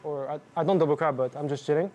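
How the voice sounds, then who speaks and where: Halting young man, mellow voice. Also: a little high. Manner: halting, filler-heavy, non-native phrasing. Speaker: pro jungler interviewed after a match. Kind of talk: casual post-match interview.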